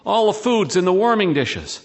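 Man reading a flustered caterer, high-ish voice, anxious and pleading. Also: big pitch swings, normal speed. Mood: panicky. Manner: panicky, pleading.

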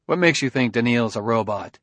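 Steady male detective, firm and dryly needling, middle pitch, from a male audiobook reader in a dead-dry booth. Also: brisk, no echo, lightly acted.

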